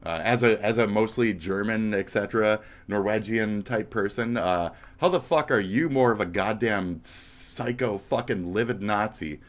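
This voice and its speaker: A man's voice: on the low side, normal speed, hardly any pauses. A man streaming live commentary as a heated, profane, mocking rant. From United States.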